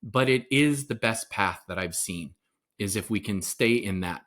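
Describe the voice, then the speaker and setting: A man's voice: lowish voice, measured pace, fairly bright tone. Middle-aged male therapist guest, earnest and explanatory, acts out quoted dialogue, conversational podcast. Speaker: parenting coach and psychotherapist guest.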